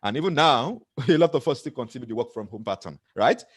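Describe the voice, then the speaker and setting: A man's voice: medium pitch, lively intonation, fast, dry recording. A middle-aged man with a Nigerian accent giving an earnest motivational talk to camera, often laughing at himself. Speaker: motivational speaker.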